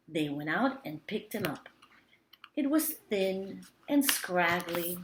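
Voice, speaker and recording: A woman teacher reading a picture book aloud to young children, with expressive storytelling. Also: fairly low pitch, slow pace, a little hiss or hum. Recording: roomy echo.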